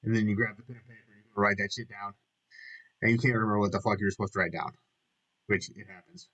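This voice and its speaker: A man's voice: lowish voice, steady tone, fast, a bit bright, rough recording. A middle-aged man rambling through a casual vlog monologue, jokey and self-mocking, with frequent swearing. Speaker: vlogger.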